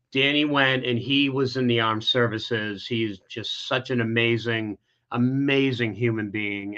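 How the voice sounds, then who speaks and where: Bright-voiced man rambling on muffled audio. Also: fairly low pitch. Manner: emotional, rambling, with many restarts. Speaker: interview guest. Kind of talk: personal storytelling in conversation. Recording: dull lo-fi audio.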